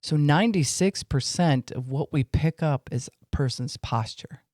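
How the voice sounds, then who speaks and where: A man's voice: fairly high pitch, normal speed, a little mellow, dry recording, clean studio sound. A man teaching on faith and emotions in an informal podcast talk, with fillers, acting out what people say.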